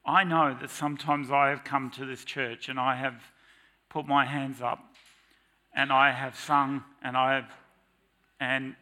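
Male preacher in a church, unhurried and earnest sermon delivery, bright tone with a gravelly edge. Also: mid-range voice, little pitch movement. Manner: earnest, confessional. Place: church with slides.

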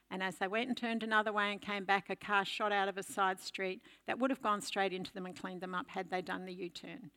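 An older woman giving a sermon, telling a lively story to make her point. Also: mid-range voice. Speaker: preacher.

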